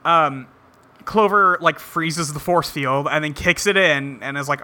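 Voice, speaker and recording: A man with a high voice recaps a cartoon episode in animated, casual podcast chat. His tone is bright and forceful, and his storytelling is lively and full of asides. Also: a little slow. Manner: animated storytelling, laughs often.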